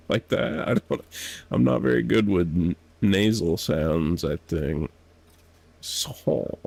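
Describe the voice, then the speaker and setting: Low gravelly guy streaming a game, slow, muttering to himself and laughing a lot. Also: darkish tone. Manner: sounding out foreign words. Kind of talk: casual gameplay commentary.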